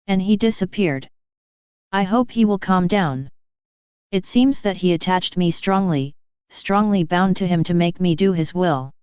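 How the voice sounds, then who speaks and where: A woman giving a devotional reading of a mystic's diary in an earnest, steady first-person manner, with slightly muffled lo-fi sound. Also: on the low side, measured pace, clear, resonant tone, no echo.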